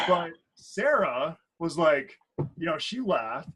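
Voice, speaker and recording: A man's voice: fairly high pitch, expressive, takes it slowly, a bit bright, poor audio. A man in his thirties, a wedding DJ and MC co-hosting a casual podcast chat, telling stories in a playful, rambling way with many restarts. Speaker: wedding DJ and MC, co-host.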